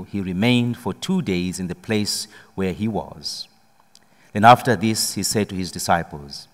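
A man's voice: lowish voice, big-room sound. A man reading the Gospel solemnly and then preaching a homily, his voice rising as he presses his points. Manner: slow solemn reading, building to emphatic preaching. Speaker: priest.

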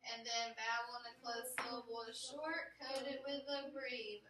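A woman's voice: on the high side, steady tone, moderate pace, hardly any pauses, bright, forceful tone. A woman teaching a phonics lesson to a classroom, repeating rules and giving firm directions. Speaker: elementary school teacher. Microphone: camera at a distance. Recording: echoey classroom, far-off mic, faint hiss.

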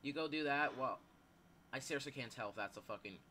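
A gaming YouTuber gives live commentary, panicking, yelping and swearing at the game before rambling with lots of fillers and restarts. His medium-pitched voice is expressive, bright and forceful, at normal speed with long pauses and a little hiss or hum.

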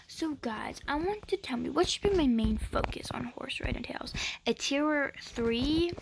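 A chatty woman talks casually as she plays a game, rambling along with plenty of fillers. Her voice sits a little high with a gravelly edge. A steady hiss and clicking noise run under the noisy home recording. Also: moderate pace. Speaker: gaming vlogger. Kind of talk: casual chat over gameplay.

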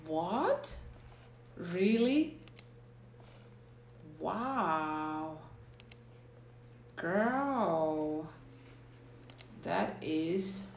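Slow-talking young woman livestreaming, roomy echo. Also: fairly low pitch, a little mellow. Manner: chatty, teasing, reacts to comments. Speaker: livestream host. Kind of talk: casual livestream chat with viewers. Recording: roomy echo with faint background noise.

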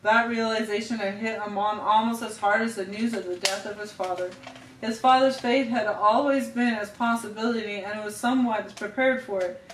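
Woman, family storybook read-aloud, middle pitch, echoey room, faint hiss. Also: normal speed. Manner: steady reading with small slips and restarts. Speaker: parent reading to children. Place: home room. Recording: roomy home room, distant mic, faint hiss.

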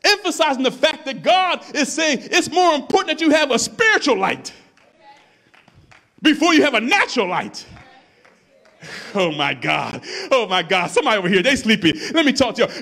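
Animated high-pitched preaching pastor. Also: male voice, moderate pace. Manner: preaching with rising shouts and repetition. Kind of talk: sermon.

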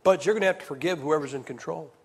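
A man preaching an evangelist's sermon at a camp meeting, swinging from loud to hushed. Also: on the high side, fast, vocal fry, slightly rough. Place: church hall. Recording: reverberant hall sound.

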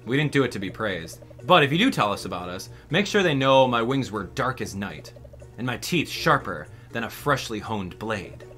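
A young female bat from a video game brags and teases in a showy way. A man reads her lines with a bright, lively delivery. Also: mid-range voice, moderate pace, faint music behind. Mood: boastful. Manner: boastful, teasing.

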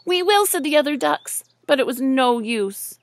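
A woman reading a picture book aloud to children in an animated way, stopping to ask them questions. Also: sits high, normal speed, no room sound, studio quality. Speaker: storyteller.

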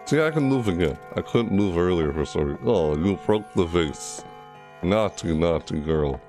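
A man's voice: sits low, expressive, moderate pace, a little mellow, soft background music. A man giving live horror game commentary through a VR headset, jumpy and frustrated, often breaking into panicked yelps and shrieks. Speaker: gameplay commentator.

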